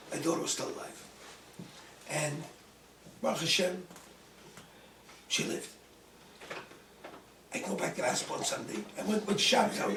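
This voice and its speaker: A man's voice: a little high, creaky, a bit bright, a little hiss or hum. A man, a rabbi, telling a personal story in a dramatic way, quoting himself with force. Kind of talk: storytelling talk. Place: event hall. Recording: distant mic in an echoey room.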